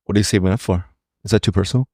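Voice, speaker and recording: A man's voice: low-pitched, racing, mellow, dry recording, studio quality. A man hosting a podcast, opening the show in casual chat with a joking manner. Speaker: podcast host.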